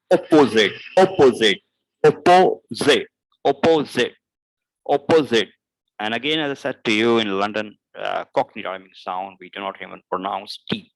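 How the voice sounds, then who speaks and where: Speaking low with vocal fry and a fairly bright tone, a man gives an online lesson on English pronunciation. Each example word gets said slowly several times, and loose fillers come often between points. The audio quality is poor.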